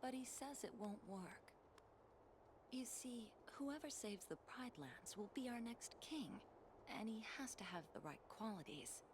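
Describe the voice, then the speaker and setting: A woman voicing a young lioness in a video game, earnest and apologetic, heard through game audio with clear noise behind. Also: on the high side, expressive, measured pace.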